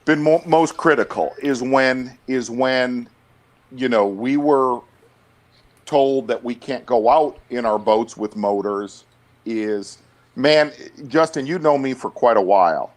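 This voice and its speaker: A man's voice: medium pitch, slow. A middle-aged man, talking bluntly on a casual podcast, stammering and restarting as he goes. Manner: blunt, animated, lots of restarts and stammered repeats. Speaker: guest.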